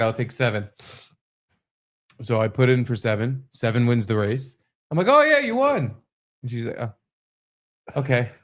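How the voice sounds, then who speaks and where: A man co-hosting a podcast, chatting casually and telling a story, swearing and acting out quotes in high voices. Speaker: podcast co-host. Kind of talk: casual chat.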